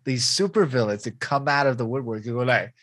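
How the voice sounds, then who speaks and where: Brief: young male podcast co-host, husky tone, lively pitch, casual and giggly. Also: fairly quick, no echo. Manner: animated, laughs often, many fillers. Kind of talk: casual chat.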